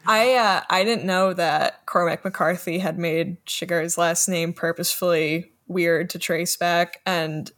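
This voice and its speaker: A woman's voice: on the low side, fairly even intonation, a little slow, few pauses, a bit bright. A woman co-hosting a casual film discussion, tentative and self-deprecating.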